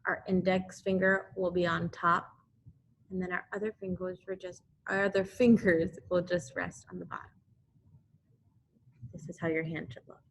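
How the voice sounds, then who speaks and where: A woman teaching a second grade class remotely, slowly repeating drills for the children. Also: fairly low pitch, level tone, slight background noise.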